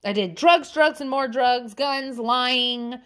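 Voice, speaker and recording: A woman in her thirties talks casually and bluntly about raising kids, swearing freely and breaking into the voices of people she quotes. Her voice sits a little high. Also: takes it slowly. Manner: blunt, profane, animated quoting. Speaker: parent giving advice. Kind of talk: casual monologue.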